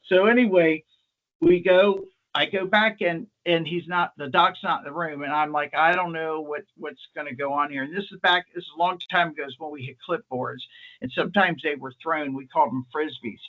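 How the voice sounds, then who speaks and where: A man, an emergency nurse, telling a lively anecdote in a presentation, restarting often. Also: fairly high pitch, normal speed. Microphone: video call or meeting mic. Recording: slightly muffled meeting recording.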